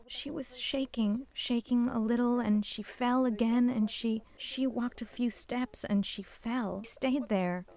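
An older woman whose first language is Polish, giving a halting, emotional personal testimony as a survivor. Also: a little high, fairly even intonation, darkish tone. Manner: emotional, halting storytelling, repeating words.

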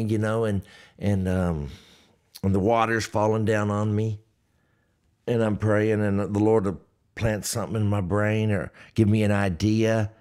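A middle-aged man with a Texan accent, hoarse, hosting a folksy, joking livestream chat between hymns and reading viewer comments aloud. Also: on the low side. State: hoarse, dry mouth. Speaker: gospel singer and livestream host. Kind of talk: casual livestream chat with hymn singing.

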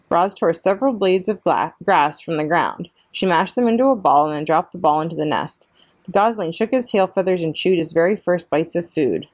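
A woman librarian reading a children's chapter book aloud as a calm bedtime story. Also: on the low side, normal speed, dry recording.

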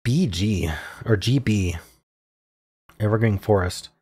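A man solving a crossword out loud, muttering clues and thinking aloud in an unsure, self-questioning way. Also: fairly low pitch, slow pace, breathy edge. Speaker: puzzle-solving video creator.

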